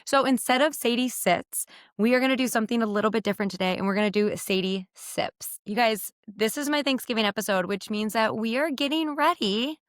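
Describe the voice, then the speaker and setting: A woman's voice: on the high side, dry recording, studio quality. Chatty woman podcasting from her bed. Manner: chatty, candid and animated, with quick asides. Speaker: podcast host. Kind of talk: casual solo podcast chat. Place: her bedroom, sitting on her bed. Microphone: podcast microphone.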